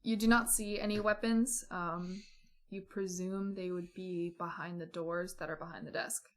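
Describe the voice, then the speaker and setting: A woman's voice: fairly low pitch, steady tone, normal speed. A woman narrating a tabletop game as game master, patiently explaining rules with many restarts.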